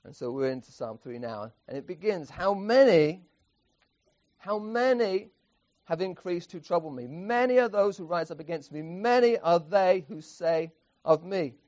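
A man's voice: fairly high pitch, animated, moderate pace, darkish tone. A man preaching an expository sermon, emphatic, often restarting phrases and chuckling.

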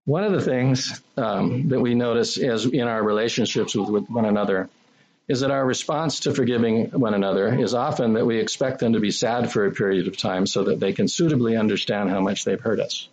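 Husky-voiced male preacher, conversational sermon. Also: medium pitch, a little fast. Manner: conversational, animated, acts out quoted speech. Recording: dull lo-fi recording.

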